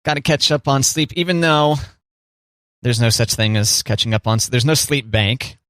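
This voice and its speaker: A man's voice: mid-range voice, normal speed, a bit bright, dry recording. Joking man on a dry close mic. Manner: joking, playful. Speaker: podcast co-host. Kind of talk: casual chat.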